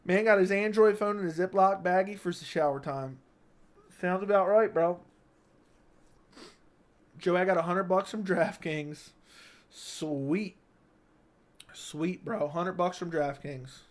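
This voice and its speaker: A man hosts a casual livestream from his home setup, reading out chat messages. He jokes crudely and needles his viewers, his voice sitting a bit high for a man. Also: a little slow. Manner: crude, joking, teasing chatters. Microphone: studio dynamic mic.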